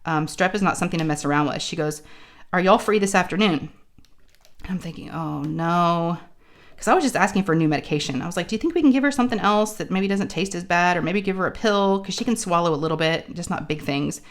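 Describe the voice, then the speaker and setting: Host: chatty woman, lowish voice, sore throat, acts out dialogue. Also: fast. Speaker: crafting channel host. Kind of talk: casual chat storytelling.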